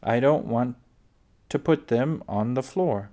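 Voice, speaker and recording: A man's voice: mid-range voice, takes it slowly, dark tone, natural voice. A man reading aloud, voicing a practical pioneer mother who speaks firmly.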